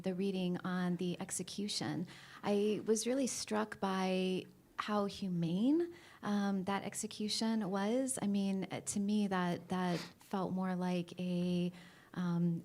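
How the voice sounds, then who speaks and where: A woman's voice: medium pitch, slow pace, darkish tone. A woman in the audience giving a thoughtful, hesitant comment to the speaker. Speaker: audience member.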